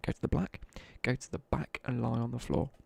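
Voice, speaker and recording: Brisk and steady, this young man's mid-range voice is creaky with a breathy edge. He tells laddish school anecdotes in British English during a casual gaming live stream, full of slang and asides about the game.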